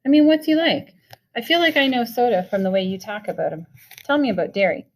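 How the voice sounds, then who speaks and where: A woman's voice: a little high, quick pace, pitched above the performer's own voice, natural voice. A woman voicing a confident teenage girl who speaks pointedly and firmly.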